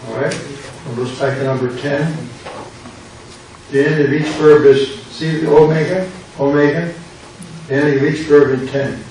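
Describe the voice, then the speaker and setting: An older man, a pastor, slowly and patiently explaining grammar in a classroom lecture. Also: fairly high pitch, fairly even intonation, a little mellow. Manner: slow, patient explaining with repetition. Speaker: pastor teaching a Greek class. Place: church classroom. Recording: echoey classroom from far off with background noise.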